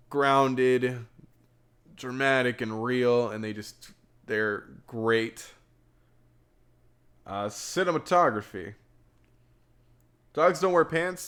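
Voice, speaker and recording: Young male podcast host, casual and excitable, rambles through movie picks in an average-pitched voice. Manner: excitable, repeats words, rambling with fillers. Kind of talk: casual livestream film review.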